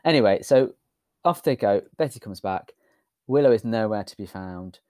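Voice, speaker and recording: A man's voice: fairly low pitch, lively intonation, normal speed, dark tone, no room sound. A British man in casual chat who tells a rambling anecdote in an understated way. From United Kingdom.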